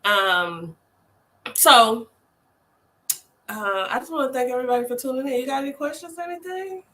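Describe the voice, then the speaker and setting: A young adult woman hosting a casual live chat, telling stories in an animated, slangy way with lots of fillers. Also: high-pitched, normal speed, slight background noise, rough recording. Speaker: host, family home child care provider.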